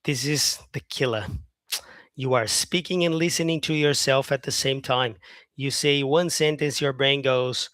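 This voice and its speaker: A man's voice: mid-range voice, a little slow, fairly bright tone, no echo. A man teaching English on a live stream, chatting with viewers by name, saying "yeah" often and modelling words by repeating them.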